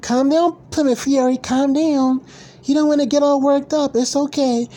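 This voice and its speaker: A man's voice: fairly even intonation, normal speed, warm tone. A man mimicking cooing motherly female fans. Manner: high sing-song coddling voice.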